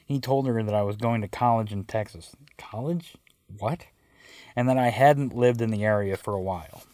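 A man's voice: on the low side, brisk, a little mellow, no echo. A man telling a first-person story with wry, self-mocking narration.

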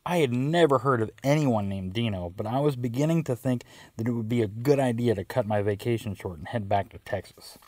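A man narrates a story of his own in a wry, self-mocking way. His pitch sits in the middle, and the recording is dry and close. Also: fairly quick, a little mellow, no echo. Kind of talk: first-person storytelling.

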